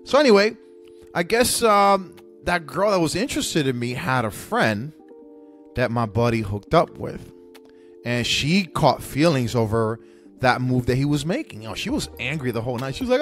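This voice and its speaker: A man's voice: mid-range voice, big pitch swings, normal speed, faint music behind. A young man hosting a podcast, telling a candid, profane story with many restarts. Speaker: podcast host. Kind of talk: casual storytelling monologue.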